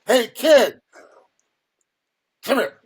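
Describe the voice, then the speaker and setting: A man voicing a gruff, cursing older male newspaper editor who barks blunt orders in a husky voice. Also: mid-range voice, animated, very fast. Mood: gruff commanding. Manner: yelling, profane, blunt.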